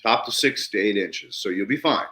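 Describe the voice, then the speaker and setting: A low-voiced man hosts a casual podcast chat, spinning stories with big, lively swings in his delivery. He swears offhandedly and acts out surprise with a jump in his voice. The sound is roomy and echoey. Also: normal speed. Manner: animated, swings sharply higher when acting out excitement, swears casually. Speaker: podcast host. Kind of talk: casual storytelling conversation. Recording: roomy echo.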